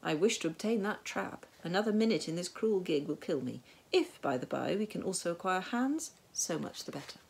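A woman voicing a brisk, sharp-witted woman detective who gives clipped, commanding orders in a hushed voice. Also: lowish voice, animated, creaky. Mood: dry, decisive. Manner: clipped, bossy, hushed urgency.

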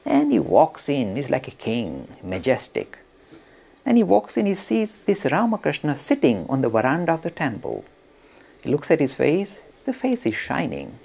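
A man teaching religion through an animated storytelling lecture, now and then chuckling as he talks. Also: on the high side, normal speed, creaky, husky. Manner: animated, chuckles while telling.

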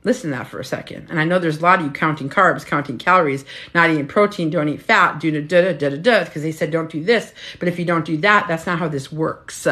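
A woman's voice: sits low, quick pace, few pauses, fairly bright tone. A woman in her fifties, a weight loss coach, giving a casual motivational talk in a blunt, profane, preachy way, often tagging on "right?". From United States.

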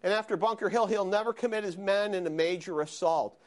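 A man lecturing a university history class, animated and questioning his students. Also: high voice, fairly quick. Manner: animated, asks students questions, frequent "okay?". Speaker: history professor.

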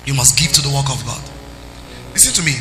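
A man preaching a sermon as pastor, emphatic, with sing-song rises and sudden soft drops. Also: medium pitch, big pitch swings, fast talker, slight background noise. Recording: echoey hall with music underneath.

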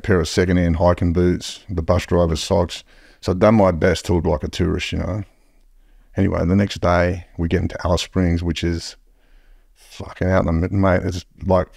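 A man's voice: low-pitched, creaky, a little mellow, no room sound, studio quality. An Australian man telling stories as a podcast guest in a blunt, heavily profane way. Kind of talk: casual storytelling.

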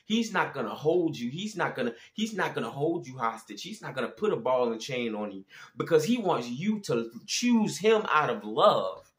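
A man preaching with passion, pleading with listeners and rising to shouts. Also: mid-range voice, sing-song, normal speed, roomy sound. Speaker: Christian preacher. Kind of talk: impassioned preaching.

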